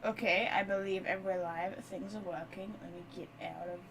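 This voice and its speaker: A woman's voice: on the low side, steady tone, brisk, a little hiss or hum. A woman chatting casually as she sets up and opens a live game stream, thinking aloud as she goes.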